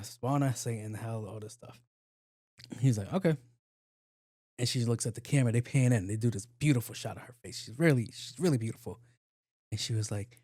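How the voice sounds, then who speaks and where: A man talks alone on his podcast and tells a work story, slipping into little voices for the people he quotes. His voice is mellow and relaxed. The sound is dry and close, with almost no room around it. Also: medium pitch, moderate pace, long pauses, no echo. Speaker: podcast host. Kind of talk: casual solo podcast monologue. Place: home studio, on camera.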